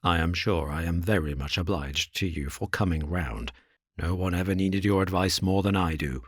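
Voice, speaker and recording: A man voicing a jittery, nervous middle-aged gentleman with a reedy, quivering voice. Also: low-pitched, normal speed, slightly rough, no echo, studio quality. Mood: anxious.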